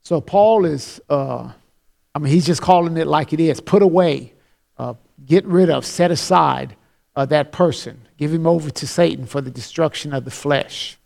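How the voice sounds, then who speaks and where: A man's voice: fairly high pitch, normal speed, creaky, darkish tone. A pastor giving an expository Bible teaching in an earnest, explanatory way, often repeating words as he thinks.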